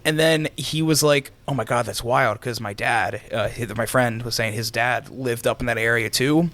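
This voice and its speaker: A man co-hosting a casual podcast, telling a spooky story with dramatic pauses and swearing. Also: medium pitch, steady tone, a bit bright. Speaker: podcast co-host. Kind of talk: casual chat and campfire story.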